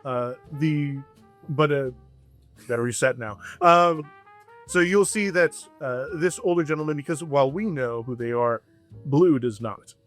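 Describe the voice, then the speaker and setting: Game master, man, slightly high voice, halting narration. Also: faint music behind. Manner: halting, filler-heavy narration.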